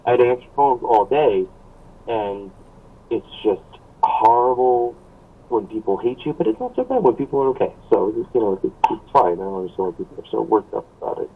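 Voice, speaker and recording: A man's voice: medium pitch, expressive, fairly quick. A man calling in to a talk show, chatting casually with wry asides. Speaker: caller. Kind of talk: casual phone chat. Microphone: phone call. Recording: tinny distant phone line.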